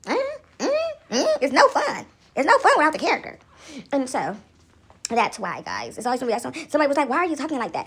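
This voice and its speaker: A woman's voice: high-pitched, sing-song, fast talker, a bit bright. An older woman talking casually about faith and acting out voices, playful and laughing often. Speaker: faith vlogger. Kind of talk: casual monologue, acting out God's voice.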